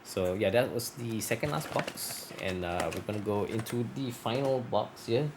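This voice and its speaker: Low-voiced man with a scratchy voice. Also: normal speed. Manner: rambling, self-correcting, chatty. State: voice getting scratchy. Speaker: card collector opening packs. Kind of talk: casual unboxing chat.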